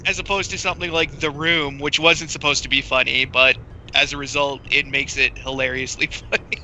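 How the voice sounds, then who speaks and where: Bright-voiced chatty man. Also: mid-range voice, flat delivery, a little fast, slight background noise, poor audio. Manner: chatty, amused, muses on comedy. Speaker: co-host. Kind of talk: casual gaming commentary chat.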